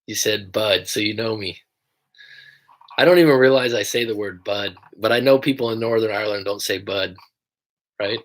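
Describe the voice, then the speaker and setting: A man's voice: fairly low pitch, moderate pace, pauses often. A young American man who coaches people through breakups, chatting casually and rambling on a livestream, swearing now and then. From United States.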